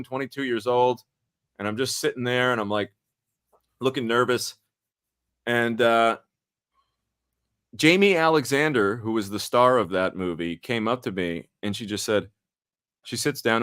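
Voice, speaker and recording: Swearing, animated male storyteller. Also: medium pitch, dry recording, clean studio sound. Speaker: podcast host and actor. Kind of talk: casual storytelling chat.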